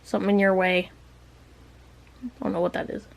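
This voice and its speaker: A woman's voice: medium pitch, flat delivery, a little fast, vocal fry. A woman vlogger chatting playfully to her pet parrot in teasing baby-talk, laughing often.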